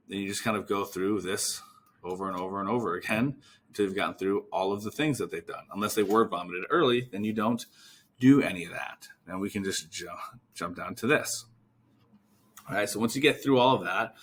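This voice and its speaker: A man's voice: fairly low pitch, fairly quick, bright, forceful tone. A man coaching physical therapists on sales calls, energetically acting out both sides of example conversations. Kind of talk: instructional talk with role-played call examples.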